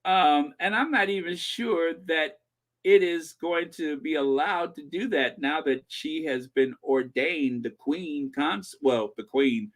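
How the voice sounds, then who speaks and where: A man hosting a casual livestream, reading and answering viewer comments. He talks slowly in a somewhat high voice. He is chatty and giggly, and he rambles as he thinks aloud. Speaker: livestream host reading chat. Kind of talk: casual chat.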